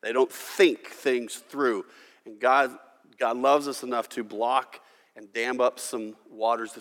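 A man preaching a sermon as pastor, swinging from loud emphasis to hushed, intimate tones and leading the congregation in reciting verses aloud. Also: medium pitch, steady tone, slow pace, big-room sound. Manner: leads the congregation in call-and-response recitation.

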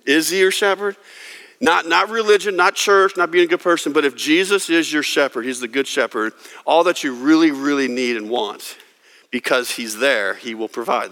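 A man from California preaching a sermon, telling stories with emphatic, dramatic pauses. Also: on the high side, sharp tone. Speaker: pastor. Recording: long reverb of a large hall.

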